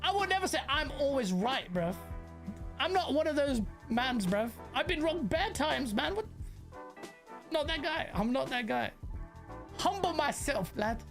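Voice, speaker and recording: A man's voice: extremely high pitch, a little slow, long pauses, soft background music. Slangy British man reacting on stream. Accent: British, London slang. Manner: animated, banters with chat, slangy. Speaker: gaming commentator host. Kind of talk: casual streamed reaction chat.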